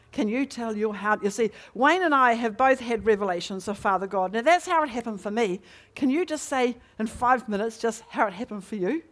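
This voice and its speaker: A middle-aged woman preaching in a church meeting, telling a personal story with lively rhetorical questions to the congregation. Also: on the high side, normal speed. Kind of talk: sermon testimony.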